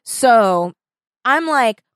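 A woman in casual chat, recapping a movie with animated storytelling, lots of fillers and casual swearing. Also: a little high, drawn-out words, clean tone, dry recording.

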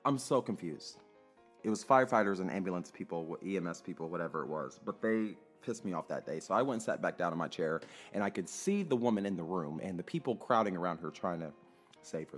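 Man, low voice, lively storytelling, emphatic, faint music in the background. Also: brisk. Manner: animated, emphatic, swears freely. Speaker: clinic worker telling a story. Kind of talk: casual storytelling monologue.

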